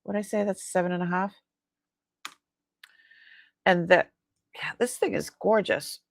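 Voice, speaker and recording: A woman's voice: on the low side, steady tone, a little slow, vocal fry, no room sound. A woman hosting a live-sale stream, chatting casually and telling stories with frequent laughs and acted-out bits of dialogue. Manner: chatty storyteller, laughs often, acts out dialogue.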